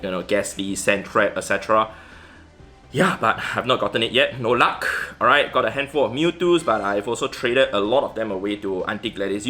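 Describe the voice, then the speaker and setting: Casual male vlogger, bright tone, loose rambling delivery over a faint music bed. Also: lowish voice. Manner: rambling, many fillers and restarts. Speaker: Pokemon GO vlogger. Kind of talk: casual commentary over gameplay.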